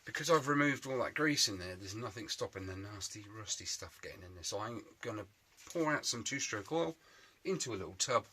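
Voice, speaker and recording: A man chats away to camera from his workshop shed, joking at his own expense as he goes. His voice sits on the low side but comes out bright and forceful, with a faint hiss of background noise in the recording. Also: lively intonation, fairly quick. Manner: chatty, jokey, self-mocking asides. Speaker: motorbike restoration vlogger. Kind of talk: casual workshop chat to camera.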